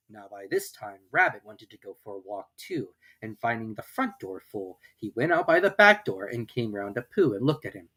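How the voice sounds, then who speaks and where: Calm, expressive storybook narrator. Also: mid-range voice, normal speed, hardly any pauses. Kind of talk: storybook reading.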